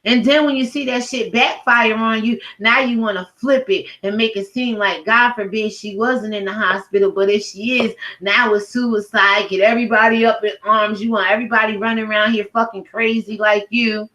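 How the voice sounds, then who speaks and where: A woman's voice: a little high, fairly even intonation, moderate pace, few pauses, pushed and bright, low-quality recording. A woman giving a heated, profane rant as a YouTube commentator, speaking emphatically. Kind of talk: angry rant to camera.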